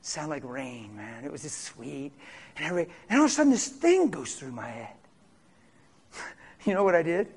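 A man preaching a sermon as pastor, swinging from hushed storytelling to loud, fervent shouting. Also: fairly high pitch, sing-song, normal speed, pauses often, breathy edge.

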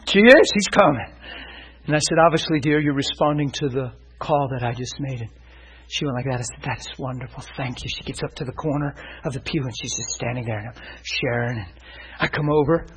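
A man preaching a sermon in a church, telling a healing story in an animated way, his voice climbing high when he gets excited. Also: fast, slightly rough.

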